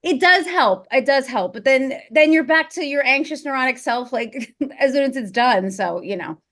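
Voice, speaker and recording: A woman's voice: high-pitched, animated, moderate pace, fairly bright tone. Self-mocking female New Yorker comedian. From New York. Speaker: comedian guest. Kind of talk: comic banter.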